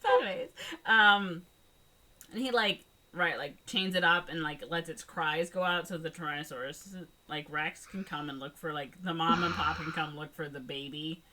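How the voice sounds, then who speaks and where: A woman's voice: low-pitched, moderate pace, bright, forceful tone. A woman co-hosting a podcast, casually retelling a movie plot in a rambling way full of "like" and "um". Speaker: podcast co-host. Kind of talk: casual movie recap chat.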